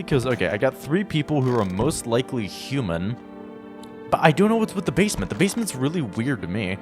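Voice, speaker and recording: A man's voice: medium pitch, big pitch swings, a little fast. A man giving casual, jokey commentary while playing a game and thinking aloud. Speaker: gameplay streamer. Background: game music.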